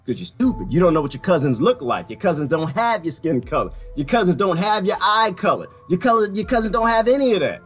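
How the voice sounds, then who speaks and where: A man talking casually to his viewers about politics, animated, often breaking into laughter and repeating his phrases. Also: high-pitched, fast, hardly any pauses, breathy edge, faint music behind. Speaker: vlogger.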